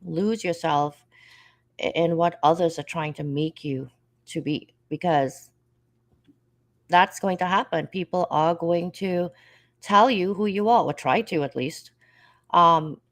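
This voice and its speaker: A woman's voice: sits low, vocal fry. A woman talking as a guest on a live panel chat, reflective and speaking with conviction.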